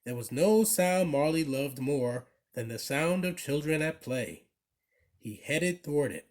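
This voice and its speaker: A man reads a children's picture book aloud in an expressive, animated storyteller's voice. His pitch rides a little high and swings widely from line to line. He takes an unhurried pace. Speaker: storybook reader.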